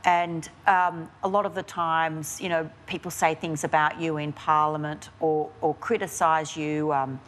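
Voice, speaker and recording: A frank Australian woman with a low voice, an investigative journalist guesting in an interview, talks unhurriedly with hardly any pauses. Her candid answers are animated and peppered with restarts and filler words.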